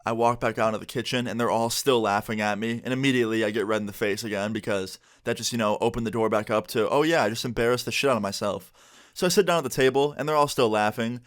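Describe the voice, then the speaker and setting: A man's voice: on the low side, dry recording, studio quality. A man in his twenties animatedly telling a casual storytime to his viewers. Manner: fast, animated retelling. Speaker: vlogger.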